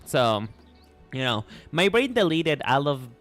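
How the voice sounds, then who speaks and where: A man with a Mexican accent chats on his live stream, playful and rambling, often restarting his sentences. His pitch swings a lot while he talks. Soft music plays behind him. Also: sing-song, unhurried. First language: Spanish. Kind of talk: casual live-stream chat. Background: faint music.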